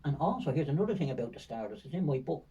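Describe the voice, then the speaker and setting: An older man with a Dublin accent tells vivid, winding stories as a podcast guest, looping back with fillers and repeated words. His voice is dark and mellow. He sits a little away from the microphone. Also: fairly high pitch, big pitch swings, very fast, distant mic, muffled recording, a little hiss or hum. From Ireland. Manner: rambling, vivid storytelling with frequent fillers and repetitions. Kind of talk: storytelling in a podcast interview.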